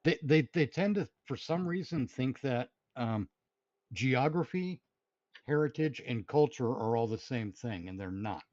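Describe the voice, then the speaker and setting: A man's voice: medium pitch, animated, unhurried, darkish tone, no echo. Guy ranting bluntly on a call, mid voice, dry muffled sound. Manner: blunt, swears when ranting. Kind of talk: casual group chat.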